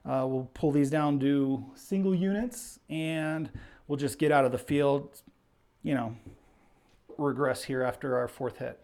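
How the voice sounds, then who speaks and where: A man's voice: medium pitch, a little slow, darkish tone. A man hosting a casual live stream, chatting and calling the action as he plays, a little out of breath. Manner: chatty, reads viewer names aloud. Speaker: livestream host.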